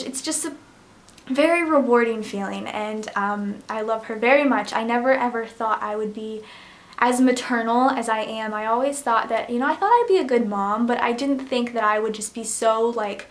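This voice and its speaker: Chatty young woman, slightly high voice. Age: young adult. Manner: rambling, heavy use of "like" and "um"; emotional, near tears at times. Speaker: vlogger. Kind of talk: casual chat to camera.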